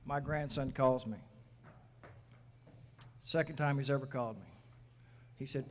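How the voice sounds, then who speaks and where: A man in his sixties, a mayor giving a graduation address, telling folksy stories with quoted dialogue in a measured, grandfatherly way. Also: medium pitch, a little hiss or hum. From United States. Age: 60s. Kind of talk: commencement address. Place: large graduation venue. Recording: echoey hall from a public address.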